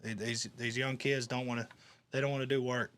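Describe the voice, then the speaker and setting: A man's voice: medium pitch, level tone, brisk, fairly bright tone. A man hosting a podcast, answering call-in messages in a laid-back, rambling way. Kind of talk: casual commentary.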